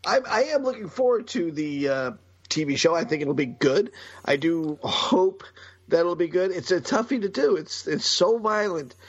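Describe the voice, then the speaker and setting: A man's voice: a little high, moderate pace, dry recording. Joking man on a muffled mic. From United States. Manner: jokey, animated, laughs often. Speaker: podcast co-host. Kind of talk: casual chat about comics.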